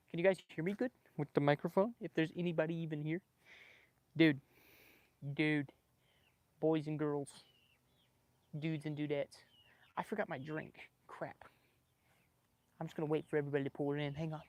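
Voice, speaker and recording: A man livestreaming casually from his backyard with a small clip-on microphone, excitable and joking with his viewers. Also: fairly high pitch, moderate pace, pauses often. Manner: excitable, laughing, swearing, chatting with viewers. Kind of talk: casual live stream chat. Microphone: small clip-on microphone with a phone.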